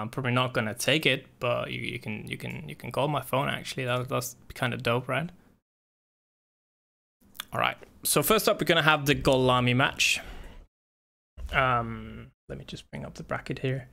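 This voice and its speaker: A man's voice: mid-range voice, creaky, bright, forceful tone. A young man hosting a gaming tournament stream, chatting casually and rambling with frequent swearing and fillers. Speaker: tournament organizer and stream host. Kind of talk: casual livestream chat.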